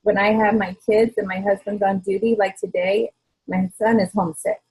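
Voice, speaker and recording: A woman on a team call sharing her own story, earnest and halting, with many ums. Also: medium pitch, level tone, darkish tone, poor audio. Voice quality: husky. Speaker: team member on a coaching call. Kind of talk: personal testimony on a group call.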